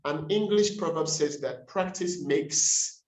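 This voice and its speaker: A man leading a pronunciation workshop on a video call, saying each word slowly and repeating it to model the stress. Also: fairly high pitch, reverberant, low-quality recording. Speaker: workshop facilitator. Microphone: computer mic on a video call.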